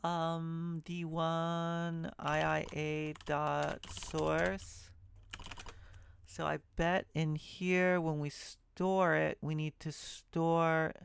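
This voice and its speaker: A programming tutor with a fairly high, level-toned voice and vocal fry speaks extremely slowly in a screen-recorded assembly walkthrough. He thinks aloud, corrects himself along the way, and mutters asides, with a little hiss or hum in the background.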